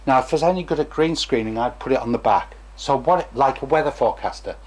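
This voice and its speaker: Man, husky voice, mid pitch, informal talk to camera, rambling, self-deprecating. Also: fast talker. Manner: chatty, digressive, self-mocking, acts out examples. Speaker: former stammering therapist, video presenter.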